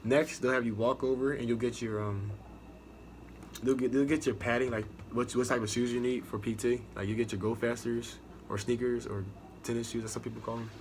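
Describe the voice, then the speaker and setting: A man's voice: medium pitch, steady tone, a little fast, a little hiss or hum. A young American man with an American accent, casually recounting his navy boot camp experience in a profane, rambling way with many restarts. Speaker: navy recruit sharing experience. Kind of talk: casual storytelling vlog.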